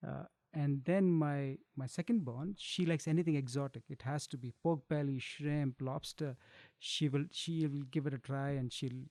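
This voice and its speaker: A middle-aged man with a gravelly edge to a fairly high voice talks relaxedly about his cooking and his kids. The sound is close and dry, with no room around it. He chuckles often and restarts phrases as he goes. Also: moderate pace, warm tone, no echo. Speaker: chef and guest. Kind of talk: casual chat.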